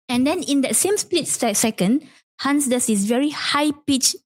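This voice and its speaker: Higher-pitched Malaysian woman, dry close sound. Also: animated, unhurried, dry recording. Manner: switches between English and Malay mid-sentence, reenacts scenes. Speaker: podcast co-host, parent and teacher. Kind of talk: casual podcast chat.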